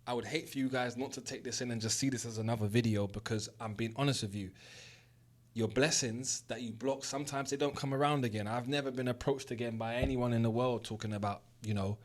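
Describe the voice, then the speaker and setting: A man's voice: medium pitch, fairly even intonation, a little fast. Candid young London man telling a story. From South West London. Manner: candid, swears freely, earnest. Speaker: host. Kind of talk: motivational storytelling monologue.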